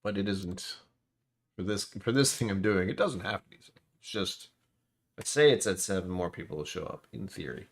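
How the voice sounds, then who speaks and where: A man with a lowish voice hosts a casual live stream at his computer. He rambles, second-guesses himself and greets chat as he goes. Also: moderate pace. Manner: rambling, self-correcting, talks to chat. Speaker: whiskey stream host.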